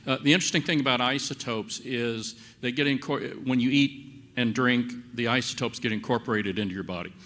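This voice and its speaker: Guy on a panel explaining forensics, mid pitch, patient and plain. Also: brisk, fairly bright tone. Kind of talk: explanatory comment at a public briefing.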